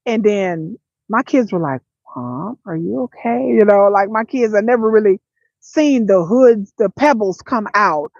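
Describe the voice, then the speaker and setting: A woman's voice: medium pitch, a little slow, a little mellow, no room sound, dull audio. A middle-aged woman from the Detroit area talking candidly to camera, telling stories with many restarts and voiced asides. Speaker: vlogger. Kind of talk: casual talk to camera.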